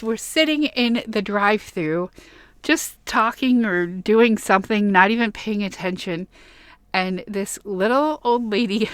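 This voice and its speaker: Chatty woman from Michigan, smooth voice. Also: medium pitch, no echo. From Michigan, USA. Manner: rambling, chatty, with frequent ums and laughs. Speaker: vlogger. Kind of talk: casual plushie haul vlog. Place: bedroom.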